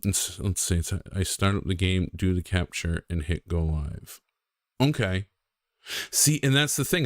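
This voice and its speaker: A man's voice: low-pitched, dry recording, clean studio sound. A young man chatting casually on a game stream, rambling and self-deprecating with lots of ums and restarts.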